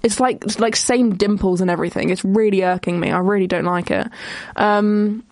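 A young woman hosting a casual solo podcast, chatty and rambling with quick asides and frequent self-interruptions. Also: medium pitch, fairly even intonation, darkish tone, dry recording. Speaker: podcast host.

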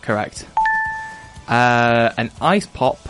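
A man's voice: medium pitch, slow pace, a bit bright, faint music behind. A young man hosting a student radio show, chatting casually and playfully with a quiz, laughing often and stumbling over his words. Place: radio studio.

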